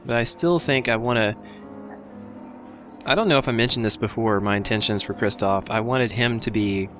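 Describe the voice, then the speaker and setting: A man talks slowly through his gameplay, casual and self-deprecating, thinking aloud as he goes. His voice sits a little low, and faint game music plays behind him. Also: fairly bright tone. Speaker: let's play host.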